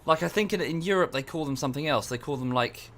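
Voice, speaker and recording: A man's voice: fairly high pitch, fast talker, fairly bright tone, slight background noise. A young English man chatting casually with his stream chat while playing a strategy game, often correcting himself mid-sentence. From England. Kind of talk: casual livestream chat over gameplay.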